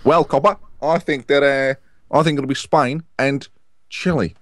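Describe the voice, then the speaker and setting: A man's voice: medium pitch, steady tone, measured pace, voice pushed up, close to an everyday voice. A man doing an exaggerated put-on Australian accent as a jokey bloke, for a laugh in a football podcast.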